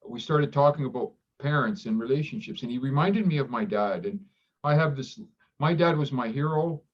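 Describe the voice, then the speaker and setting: A man of middle pitch talks candidly as a guest, thoughtful and halting, often restarting his sentences. He livens up when acting out remembered exchanges. The audio sounds dull and lo-fi. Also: lively intonation. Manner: reflective, halting with many restarts; acts out quoted dialogue with livelier voice. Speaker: doctor in recovery, guest. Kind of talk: candid interview conversation.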